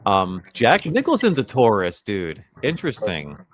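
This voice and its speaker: A man hosting a casual livestream chat, talking slowly in a low voice. His intonation swoops up and down, with a laid-back, teasing and crude manner. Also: wildly swooping pitch. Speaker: host.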